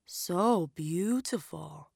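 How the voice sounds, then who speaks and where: A woman voicing an elderly market woman who speaks in a knowing, gently scolding way in a storybook reading. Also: fairly low pitch, slow, gravelly, no echo, studio quality.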